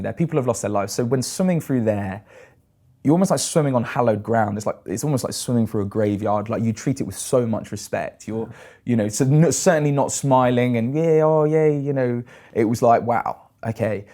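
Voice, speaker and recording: A British man in his thirties telling animated stories in a casual interview. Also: mid-range voice, moderate pace. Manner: animated storyteller, acts out quoted voices. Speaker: guest, long-distance swimmer.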